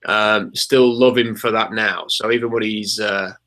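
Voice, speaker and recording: Guy chatting on a sports podcast, bright voice, lots of ums. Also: fairly low pitch, steady tone, measured pace. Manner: chatty, hesitant with many ums. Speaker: podcast co-host. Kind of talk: casual podcast chat.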